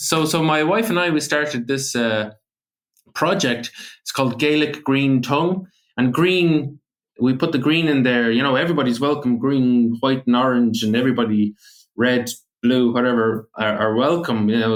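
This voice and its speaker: Man, Irish accent, native Irish speaker, interview guest, rambling, anecdotal, lots of fillers, mid-pitched voice. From Aran Islands, Ireland. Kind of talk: casual interview conversation.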